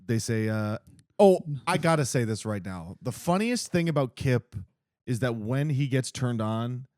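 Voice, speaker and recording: A man's voice: mid-range voice, animated, measured pace, a little mellow, dry recording, studio quality. A man co-hosting a casual book-review podcast, candid and sarcastic, swearing freely. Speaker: podcast co-host.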